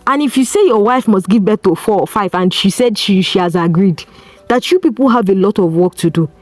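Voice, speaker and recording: A woman's voice: medium pitch, brisk, no room sound. A woman with a Nigerian accent hosting an advice podcast, speaking earnestly and piling up rhetorical questions. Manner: earnest, preachy, asks strings of rhetorical questions. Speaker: podcast host. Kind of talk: solo advice talk.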